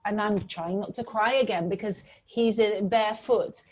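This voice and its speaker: A middle-aged woman from Britain giving a talk with slides, telling stories in an earnest, animated way. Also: mid-range voice, moderate pace. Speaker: public speaker.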